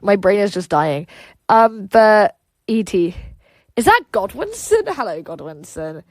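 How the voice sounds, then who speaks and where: A woman's voice: mid-range voice, sing-song, measured pace, dry recording. A woman hosting a casual livestream, reading chat aloud and rambling with lots of "like" and "um" fillers.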